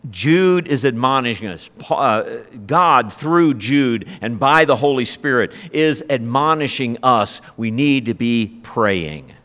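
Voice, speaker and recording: A man's voice: mid-range voice, lively intonation, takes it slowly, few pauses, a bit bright. A man preaching a sermon in a conversational way, asking his listeners questions as a pastor. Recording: long hall reverb.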